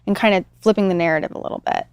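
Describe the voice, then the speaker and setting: Relaxed woman co-hosting a podcast. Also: fairly low pitch, very fast, creaky, smooth, dry recording. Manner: relaxed, tentative, hedging with "like". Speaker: podcast co-host. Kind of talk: casual chat.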